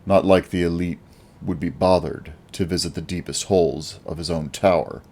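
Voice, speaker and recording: A man narrating a first-person action audiobook in a wry, lively storytelling manner. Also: sits low, normal speed.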